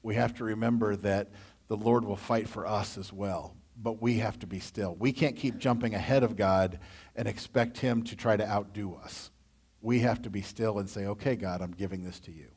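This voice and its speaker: A man with a Midwestern American accent leading a church Bible study, reading scripture and then adding animated, conversational asides. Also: on the low side, moderate pace, breathy edge.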